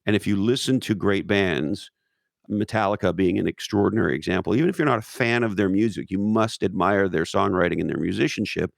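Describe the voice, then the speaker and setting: A man's voice: low-pitched, brisk, creaky, no room sound, clean studio sound. A man talking casually as an interview guest, emphatic and profane, with many restarts.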